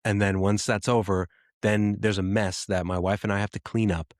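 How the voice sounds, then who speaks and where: Rambling dad in his thirties, low and dry. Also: flat delivery, moderate pace, dry recording. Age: 30s. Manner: rambling, self-correcting, quotes himself in a livelier voice. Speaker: podcast host. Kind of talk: casual storytelling monologue.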